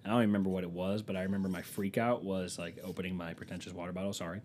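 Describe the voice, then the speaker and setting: A man's voice: deep voice, level tone, rapid-fire, a little mellow, a little hiss or hum. A man telling comic stories as a podcast host in a profane, sarcastic, self-mocking casual rant. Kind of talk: casual comedic storytelling rant.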